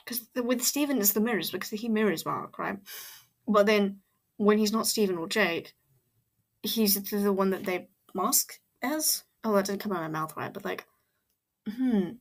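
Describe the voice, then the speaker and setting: A woman giving casual reaction commentary, excitable and rambling, full of fillers and exclamations. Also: medium pitch, normal speed. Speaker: reaction video host.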